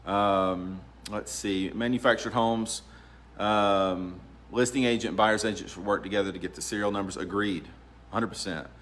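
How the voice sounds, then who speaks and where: A man's voice: fairly low pitch, normal speed, a little hiss or hum. A man, an attorney giving casual, rambling advice and laughing often. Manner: relaxed, rambling, laughs often, many ums. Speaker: real estate attorney. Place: law office.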